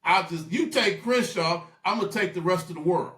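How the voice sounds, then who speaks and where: A man telling stories in a casual interview, animated and acting out the voices of people he quotes. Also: high-pitched, normal speed, roomy sound. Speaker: guest.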